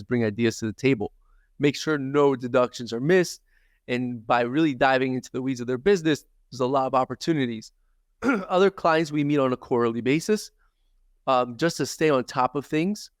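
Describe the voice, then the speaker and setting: A man at a middle pitch lays out tax matters methodically, point by point, as a podcast guest. His voice sits close and dry, with no room around it. He sounds like a seasoned professional. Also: clear, resonant tone, no echo. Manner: steady, methodical explainer who lists examples. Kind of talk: podcast interview, explaining.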